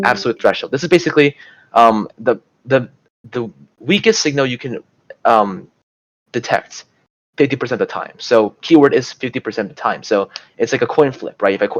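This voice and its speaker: A man's voice: mid-range voice, brisk, muffled recording. A young man giving a casual, rambling study lecture, full of fillers like "you know" and "like", and restarting his sentences often. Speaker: student tutor.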